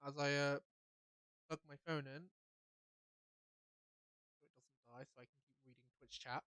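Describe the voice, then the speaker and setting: A woman's voice: deep voice, fairly even intonation, normal speed, fairly bright tone, clean tone, no echo. A woman, streaming a game and chatting jokily while reading its lines aloud. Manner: chatty, jokey, reads lines in voices. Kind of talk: let's play commentary reading game dialogue.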